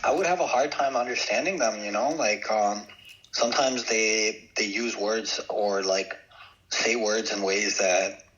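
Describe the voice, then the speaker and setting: A man's voice: on the low side, unhurried, a bit bright, muffled recording. A man co-hosting a podcast in casual chat, hesitant and filler-heavy as he talks it through. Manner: hesitant, many fillers and restarts. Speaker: podcast co-host.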